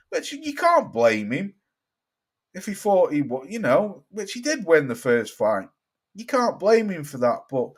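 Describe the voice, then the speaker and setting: Opinionated London man on boxing. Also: on the high side. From England. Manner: swears freely, animated and opinionated; answers viewer comments live. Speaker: boxing channel host. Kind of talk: casual live-stream chat.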